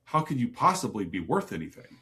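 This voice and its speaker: A man's voice: fairly low pitch, very animated, brisk, sharp tone. Easygoing man with dry wisecracks. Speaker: podcast co-host. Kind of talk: casual movie review chat.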